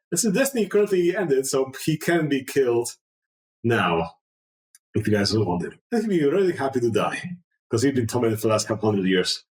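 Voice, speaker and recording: A man's voice: medium pitch, darkish tone. A man running a tabletop game as game master, talking casually with many fillers. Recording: roomy echo.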